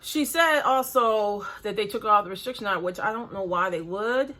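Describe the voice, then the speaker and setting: A woman in her forties gives blunt, critical reaction commentary in a casual, chatty way. She breathes hard between phrases, and her voice is bright and forceful. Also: mid-range voice, normal speed. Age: 40s. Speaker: reaction video host.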